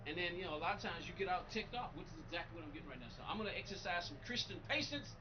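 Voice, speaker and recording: A man's voice: high-pitched, animated, rapid-fire, highs cut off, background noise. A man live-streaming a racing game, chatting bluntly and with exasperation as he answers viewers' comments. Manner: blunt, exasperated, talks back to chat.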